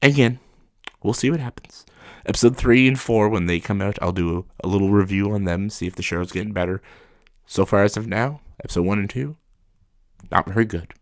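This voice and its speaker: A young man with a low voice rants through a casual review, exasperated and profane. He rambles with fillers and small chuckles. The sound is dry and close, with no room around him. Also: brisk, no echo. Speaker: video reviewer.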